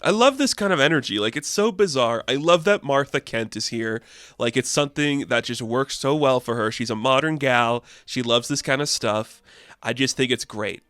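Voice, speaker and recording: A chatty, animated man reviews a comic issue in a casual recap, sprinkling his talk with fillers. His mid-pitched voice is smooth and resonant. The recording is close and dry. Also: normal speed, no echo.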